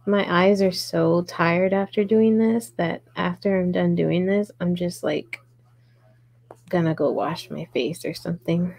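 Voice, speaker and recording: A woman with a low, dark, gravelly voice hosts a live crochet stream from home. She talks slowly and casually, reading out viewer comments and murmuring her stitch counts as she works. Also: fairly even intonation, low-quality recording. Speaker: crochet livestream host. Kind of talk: casual live tutorial chat while crocheting.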